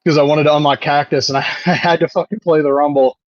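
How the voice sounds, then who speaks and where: A man's voice: fairly high pitch, steady tone, quick pace, no room sound, dull audio. A man in his thirties co-hosting a podcast, chatting casually, rambling and swearing, often laughing. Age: 30s. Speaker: podcast co-host. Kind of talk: casual chat.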